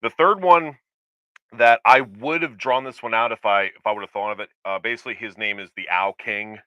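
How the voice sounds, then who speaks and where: A man's voice: lowish voice, fairly quick, pushed and bright, clear, resonant tone, dry recording, dull audio. A man co-hosting a casual chat show, rambling and hesitant with lots of fillers and restarts. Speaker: podcast co-host.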